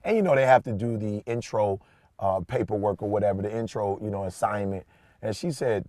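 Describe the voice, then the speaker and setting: A podcast host in his forties tells a story in a casual chat, animated and swinging between hushed asides and loud bursts. His voice sits on the low side and moves fairly quickly, in studio-quality audio with no echo.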